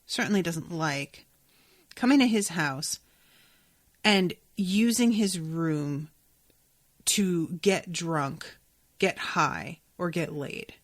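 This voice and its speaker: A woman's voice: on the low side, slow pace, long pauses. A woman hosting a podcast, reading a novel aloud and giving candid, casual reactions with some swearing. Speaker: podcast host.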